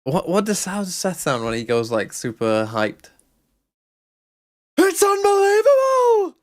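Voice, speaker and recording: A man's voice: mid-range voice, very animated, normal speed, no room sound, studio quality. A man co-streaming an esports match, joking bluntly and swearing as he chats with viewers. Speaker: watch-party co-streamer. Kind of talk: casual esports watch-party commentary.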